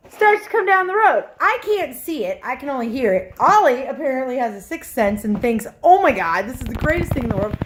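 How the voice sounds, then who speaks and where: A woman telling a story to her camera at home, animated, acting out voices and sound effects. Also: high voice.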